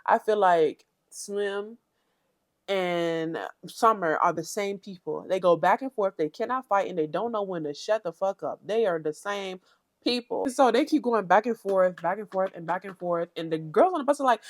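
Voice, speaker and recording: A woman giving a casual, chatty recap of a reality show, often imitating the cast in a higher voice. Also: measured pace, no echo. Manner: chatty, animated, mimics cast members in high voices.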